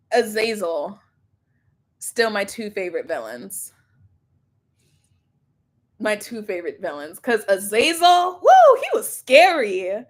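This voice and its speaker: A woman's voice: medium pitch, a bit bright. A young woman, streaming a casual chat on her laptop. She rambles, laughs often and swears casually. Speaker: livestream reaction host.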